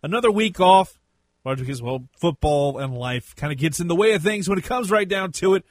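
A man's voice: high-pitched, expressive, brisk, no room sound. A man hosting a solo wrestling podcast in a chatty, rambling way. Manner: chatty, rambling, self-correcting. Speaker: podcast host. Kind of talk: casual solo podcast commentary.

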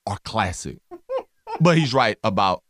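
A man co-hosting a casual sports talk show, teasing his partner and telling stories in a lively way. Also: on the low side, unhurried, crowd noise. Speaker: co-host.

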